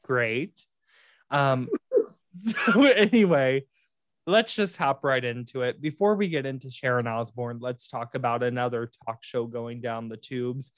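A man's voice: medium pitch, measured pace, dry recording, studio quality. A man hosting a casual podcast chat, playful and camp, often laughing. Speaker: podcast host.

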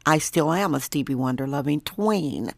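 A hoarse woman from Wisconsin who has lost her voice, hosting a chatty, jokey solo podcast from home. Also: sits low, expressive, normal speed, no room sound, clean studio sound. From Wisconsin, USA. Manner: chatty, jokey, laughs at herself. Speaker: podcast host. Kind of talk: casual solo monologue.

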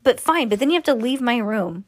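A woman voicing a high-pitched storybook boy. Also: lively intonation, brisk, no echo, clean studio sound. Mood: irritable. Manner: pleading, then irritable. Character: frightened young boy fleeing, then grumpy big brother.

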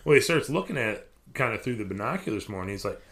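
A man's voice: fairly low pitch, lively intonation, fast, noisy background. A man casually telling a spooky story on a podcast, rambling and profane, often restarting his sentences.

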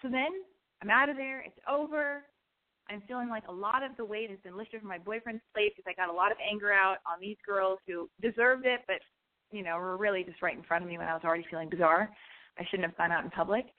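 A woman hosting a call-in show, telling a profane story in an animated, ranting way. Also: medium pitch, quick pace. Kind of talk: call-in radio monologue. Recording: tinny phone-like sound.

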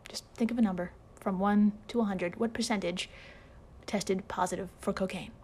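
A woman's voice: medium pitch, fairly even intonation, normal speed, darkish tone, a little hiss or hum. A woman hosting a casual storytelling podcast, sarcastic, swearing freely and laughing often. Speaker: podcast host.

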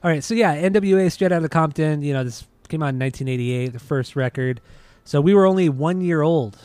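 A man's voice: a little high, a little fast, a little mellow, smooth, dry recording. Dry teasing podcast host man. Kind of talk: casual podcast banter. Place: at home.

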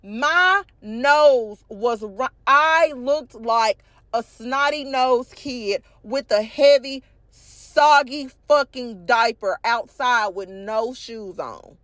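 A young woman, congested from allergies, telling a profane, animated story to her viewers and calling them y'all. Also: fairly high pitch, slow, dry recording. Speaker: vlog host. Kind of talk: casual storytelling rant.

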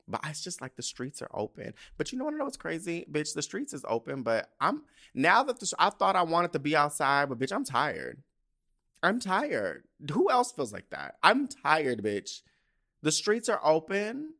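A man hosting a podcast in casual chat, animated and sassy, swearing freely and laughing often. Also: medium pitch. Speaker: podcast host.

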